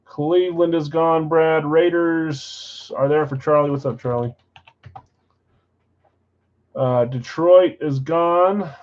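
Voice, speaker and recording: A man's voice: a little high, fairly even intonation, slow pace, long pauses, darkish tone, highs cut off. Chatty man calling out card break teams. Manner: rattles off names and teams, chatty asides. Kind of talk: live-stream card break chat.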